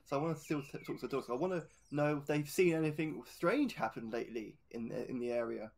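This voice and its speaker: A man taking part as a player in a tabletop game, talking casually with halting restarts. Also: medium pitch, gravelly, a little mellow.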